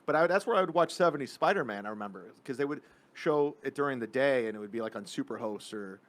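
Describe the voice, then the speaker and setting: A man from the Cleveland area hosting a podcast, chatting casually with loud laughing outbursts and rambling asides. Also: mid-range voice, expressive, fast. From Cleveland area, Ohio. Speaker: podcast host. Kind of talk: casual chat.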